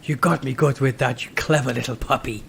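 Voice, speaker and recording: A man putting on a loose German accent to voice a jolly, loud German soldier in a comedy script reading. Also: medium pitch, steady tone, a little fast, vocal fry, a little hiss or hum. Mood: hearty. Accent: put-on loose German accent. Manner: loud, exaggerated.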